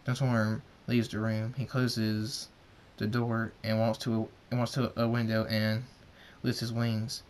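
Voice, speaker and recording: A man's voice: fairly low pitch, monotone, unhurried, few pauses, a little hiss or hum. A man reading his fan fiction story aloud, in a plain narration with small restarts. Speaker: story reader.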